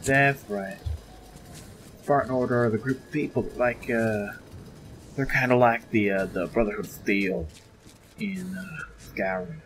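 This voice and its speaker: A man's voice: medium pitch, animated, unhurried, pauses often, fairly bright tone, a little hiss or hum. A man giving casual, chatty commentary while playing a spooky game, easily rattled and joking to himself. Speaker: gameplay commentator. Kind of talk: casual let's-play commentary.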